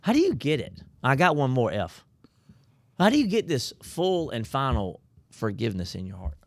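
A man's voice: medium pitch, wildly swooping pitch, moderate pace, no room sound, studio quality. A man with a folksy, preachy way of talking, hosting a casual faith discussion.

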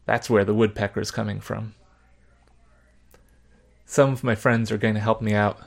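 Guy reading a paranoid cold war dad, kinda low and gravelly, pushy and sure of himself. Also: little pitch movement, moderate pace. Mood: fervent. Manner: fervent, conspiratorial, emphatic. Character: paranoid anti-communist father, middle-aged man.

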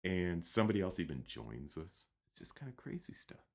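A man with a very low voice recounts a story in an easy, unhurried way. He speaks conversationally, pausing on fillers and restarting phrases as he goes. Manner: relaxed, anecdotal, with um fillers and restarts. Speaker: guest teacher.

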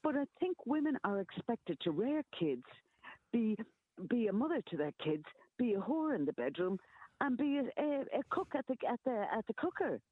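A woman's voice: fairly high pitch, big pitch swings, normal speed, breathy edge, no echo. A woman calling a radio show, blunt and exasperated, heard over a phone line. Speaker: caller. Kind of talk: phone-in chat.

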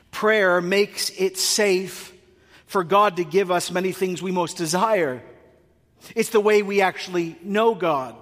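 A male pastor from North America preaching a sermon, acting out comic dialogues in an animated way. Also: high voice, big-room sound.

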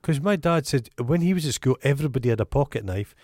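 A Scottish man co-hosting a podcast in casual chat. He drops dry, deadpan jokes and quick asides. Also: medium pitch, no echo. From Scotland. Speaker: podcast co-host.

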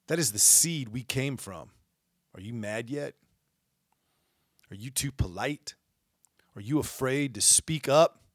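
A man hosting a podcast, giving an impassioned monologue that swells into loud rhetorical questions. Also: mid-range voice, lively intonation, slow, long pauses, no echo, studio quality. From Indiana, United States. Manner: fiery, rising to shouted rhetorical questions. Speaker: podcast host.

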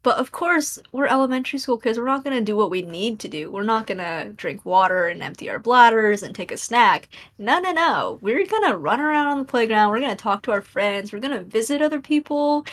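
A woman co-hosting a podcast and telling playful, lively stories in casual chat. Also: on the high side, normal speed. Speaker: podcast co-host.

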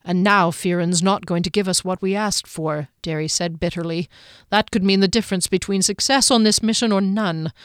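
A woman's voice: medium pitch, steady tone, moderate pace, clear, resonant tone, no room sound, studio quality, natural voice. Woman voicing a stern, formal male knight. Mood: reproving. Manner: reproving, formal.

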